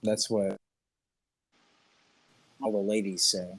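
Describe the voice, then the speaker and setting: A podcast co-host with a lowish voice speaks at a slow pace in a level tone. He keeps the chat crude and casual, rambling, swearing, cracking jokes and laughing a lot.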